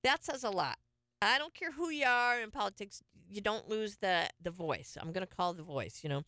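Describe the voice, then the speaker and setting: A woman's voice: medium pitch, animated, moderate pace, bright, forceful tone, no echo, clean studio sound. A middle-aged woman hosting a casual radio show, telling stories in a chatty way and laughing often. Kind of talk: casual morning show chat.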